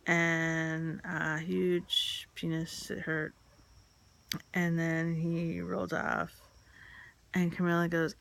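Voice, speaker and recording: A woman's voice: on the low side, level tone, takes it slowly, vocal fry, fairly bright tone. A woman telling a candid personal story, rambling and filled with "like" and "um".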